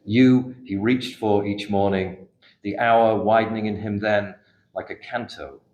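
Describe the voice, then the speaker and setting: A middle-aged man from England, a poet reading his poems in a café with an unhurried, measured delivery and hesitant spoken asides between them. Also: on the low side, fairly even intonation, darkish tone, dull audio. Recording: echoey room recording.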